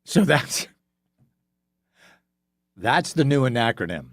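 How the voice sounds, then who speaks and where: A man hosting a talk radio show, delivering an opinionated monologue in a sarcastic, mocking way and sounding out letters slowly for effect. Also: medium pitch, very animated, dry recording, clean studio sound. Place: radio studio. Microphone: studio microphone.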